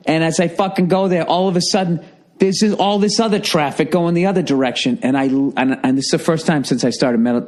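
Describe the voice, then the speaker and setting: A middle-aged man hosting a podcast, telling a comic story in a profane, exasperated rant with a Boston accent. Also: fairly high pitch. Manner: profane, exasperated, animated ranting. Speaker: podcast host.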